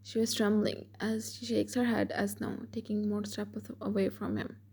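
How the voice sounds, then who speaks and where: Lady reading a romance fanfic aloud, gravelly dark voice, kinda husky. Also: medium pitch, level tone, moderate pace. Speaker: story narrator. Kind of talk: scripted fan fiction narration.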